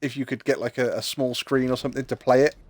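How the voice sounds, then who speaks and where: A man's voice: mid-range voice, flat delivery, fast, darkish tone, no room sound. Brief: man, dry recording, teasing gamer banter. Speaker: friend gaming on stream. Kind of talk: casual chat while gaming.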